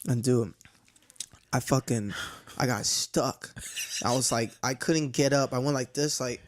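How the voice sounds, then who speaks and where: A man's voice: mid-range voice, a little slow, a little hiss or hum. A young man, a podcast co-host, telling stories in casual chat and acting out what friends said. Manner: storytelling, acts out quoted friends.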